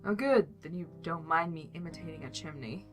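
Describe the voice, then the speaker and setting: A woman reading a fan story aloud, voicing a tired, gloomy male skeleton who talks in a flat monotone and puts himself down. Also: low-pitched, fairly quick, soft background music, close to an everyday voice. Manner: flat monotone, self-deprecating.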